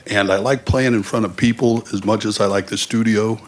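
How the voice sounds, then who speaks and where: A man's voice: lowish voice, fairly even intonation, brisk, slight background noise. A man who is a musician introducing himself to a board in a laid-back, rambling way, with many fillers. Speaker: musician applying as vendor. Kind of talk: casual self-introduction.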